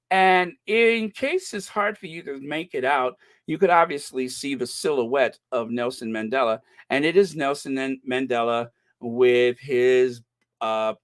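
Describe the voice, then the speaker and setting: An American man hosting a casual livestream, chatting warmly with a caller and reading viewer comments aloud in a rambling way. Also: mid-range voice. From United States. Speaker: livestream host.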